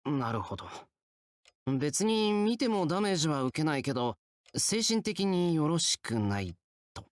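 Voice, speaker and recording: A young male hero from a visual novel game thinks aloud in an offhand, casual way. His pitch moves around a lot. The sound is dry and close. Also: big pitch swings, a little fast, no room sound. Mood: musing. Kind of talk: Japanese visual novel voice acting.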